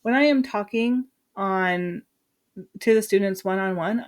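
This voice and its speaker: A woman's voice: medium pitch, steady tone, normal speed. A drama teacher in her thirties talks through her unit plans from home. She is chatty and loose, often breaking off mid-sentence and laughing at herself before going on.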